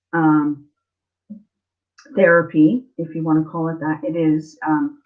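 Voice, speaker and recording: A woman hosting a live-stream spiritual reading as a psychic, speaking tenderly and emotionally, halting and repeating herself with many fillers. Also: sits low, a little mellow. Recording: slightly muffled lo-fi stream audio.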